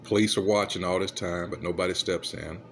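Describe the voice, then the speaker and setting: A man casually reading news articles aloud and commenting, halting and muttering asides as he fumbles with his device. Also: sits low, fairly even intonation, slight background noise.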